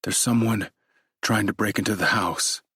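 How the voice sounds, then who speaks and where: A frightened male governor, urgent and breathless, as a male audiobook narrator voices him. The voice stays low-pitched. It sounds close and dry. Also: steady tone, moderate pace, bright, forceful tone, breathy edge, no room sound, heavily acted. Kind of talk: audiobook character voice.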